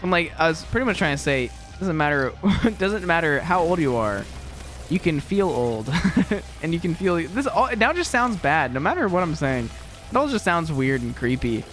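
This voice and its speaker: A man's voice: fairly high pitch, animated, moderate pace, fairly bright tone, faint music behind. A young man giving casual, rambling gameplay commentary, laughing often and poking fun at himself while he tells stories from his teaching day. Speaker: gaming video creator and teacher.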